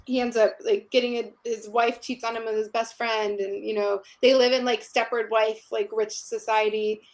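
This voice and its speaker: Chatty woman with a bright, higher voice. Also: flat delivery. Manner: chatty, quick, filler-heavy. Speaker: podcast co-host. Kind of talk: casual chat.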